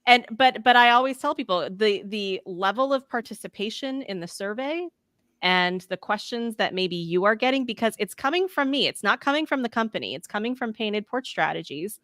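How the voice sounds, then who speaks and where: A woman's voice: mid-range voice, expressive, normal speed, a bit bright, dry recording, studio quality. A woman consultant giving interview answers, articulate and emphatic, laughing now and then. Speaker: guest, change management consultant.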